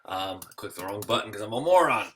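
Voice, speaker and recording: A man's voice: lowish voice, animated, fairly bright tone, a little hiss or hum. Joking, tired man giving a history lecture. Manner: joking, acts out quick voices. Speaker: history teacher. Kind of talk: recorded slideshow lecture.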